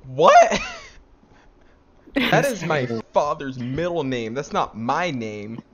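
Lively, slow-talking gamer who swears and laughs, faint room noise. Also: mid-range voice, dull audio. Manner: loud laughing, swearing, sarcastic. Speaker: VRChat player recording the session. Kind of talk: casual game chat.

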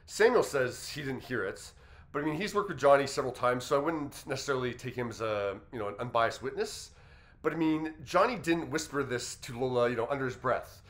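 A man hosting an entertainment news commentary, reasoning aloud in a measured way as he weighs a story. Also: mid-range voice, animated, fairly bright tone. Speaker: commentary host.

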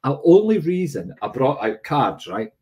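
A man's voice: mid-range voice, sing-song, normal speed, warm tone, a little hiss or hum. A man hosting a live psychic stream, chatting and greeting viewers by name. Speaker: psychic medium host. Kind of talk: livestream chat.

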